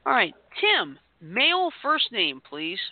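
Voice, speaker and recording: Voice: medium pitch, wildly swooping pitch, takes it slowly. A host running a party word game on a podcast, chatty and giggly, calling on each player by name. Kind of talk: casual podcast game hosting. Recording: tinny phone-line audio.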